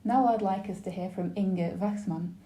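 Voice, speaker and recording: A woman giving a simultaneous interpretation of a webinar panel, speaking in a measured, formal way with brief pauses and restarts. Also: mid-range voice, dark tone.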